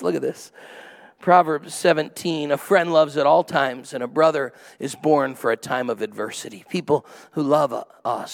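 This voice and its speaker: Pastor guy preaching, chatty punchy asides to the crowd, pretty high voice. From went to college in New England. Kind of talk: sermon.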